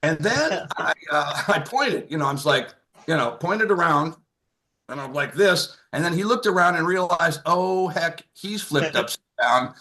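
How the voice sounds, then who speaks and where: Brief: sixties male comic, bright forceful tone, rambling anecdote style, video call mic. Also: a little high, lively intonation, moderate pace. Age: 60s. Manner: rambling, lots of filler and restarts. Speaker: comedian. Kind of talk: stand-up storytelling on a video call.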